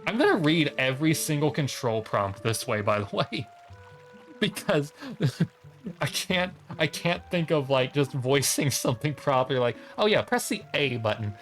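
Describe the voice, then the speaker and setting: A man's voice: fairly high pitch, lively intonation, measured pace, a bit bright, faint music behind. A man streaming a video game, joking in casual commentary and reading the dialogue aloud in silly voices.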